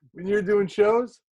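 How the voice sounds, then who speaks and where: A man's voice: high voice, dull audio. Laid-back laughing male podcast host. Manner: laid-back, laughs often, short affirmations. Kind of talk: casual chat.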